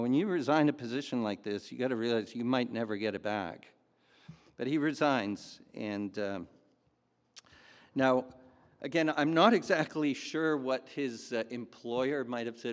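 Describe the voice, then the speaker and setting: A male pastor preaches a sermon in a chatty, storytelling style, full of fillers and asides. His voice is mid-range at normal speed, with a long hall reverb on the recording.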